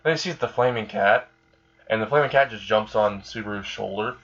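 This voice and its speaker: A man's voice: lowish voice, brisk, a bit bright. A man casually improvising a fan story, rambling with lots of "like" and "you know", on a dull lo-fi recording.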